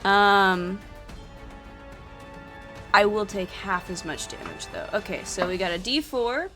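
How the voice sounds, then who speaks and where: A woman playing and narrating a solo tabletop adventure, counting dice aloud and flaring into loud frustration. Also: medium pitch, big pitch swings, slow. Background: faint background music.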